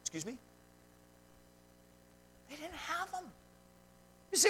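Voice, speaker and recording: A man preaching a sermon, swinging between loud emphasis and quiet asides and questioning the congregation directly. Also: very high voice, huge pitch swings, unhurried, pauses often, husky. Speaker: pastor.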